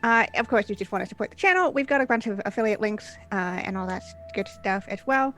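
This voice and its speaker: A woman's voice: mid-range voice, quick pace, a bit bright. A woman game master opening a tabletop role-play stream, upbeat and chatty, with many filler sounds. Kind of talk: stream intro and announcements.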